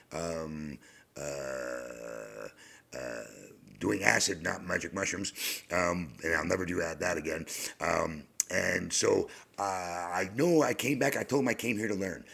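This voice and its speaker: A middle-aged man telling a long personal story in a rambling, halting way, often sinking into a hushed whisper. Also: low voice, vocal fry. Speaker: podcast host.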